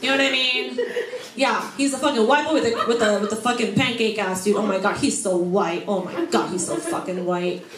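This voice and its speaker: A woman's voice: medium pitch, brisk. A woman stand-up comedian doing a set on a comedy club stage, brash and profane as she teases the crowd. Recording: echoey club with background noise.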